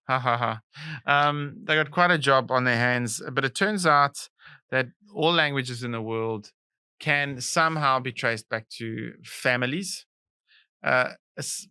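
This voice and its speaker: A man's voice: mid-range voice, pushed and bright, smooth, dry recording, clean studio sound. A man with a South African accent co-hosting a comedy trivia podcast, playful and rambling with lots of fillers. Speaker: podcast co-host. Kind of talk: casual comedic chat.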